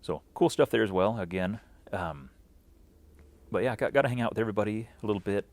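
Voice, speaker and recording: A man's voice: on the low side, brisk, darkish tone, no echo. A man recapping a weekend game event in a loose, rambling way, full of fillers and restarts, acting out bits of dialogue.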